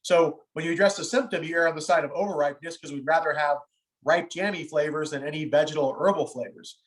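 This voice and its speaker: A man's voice: on the high side, quick pace, poor audio. A man in his forties, a winemaker, telling stories in an interview and often repeating a word as he starts a thought. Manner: animated storyteller, repeats words when starting a thought. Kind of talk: storytelling interview answer.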